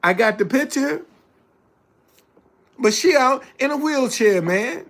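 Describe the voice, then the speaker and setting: A man's voice: very high voice, lively intonation, slow pace, fairly bright tone. A man giving a motivational talk indoors in a preachy way, repeating his key lines for emphasis. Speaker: motivational speaker. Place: indoors, a hot room.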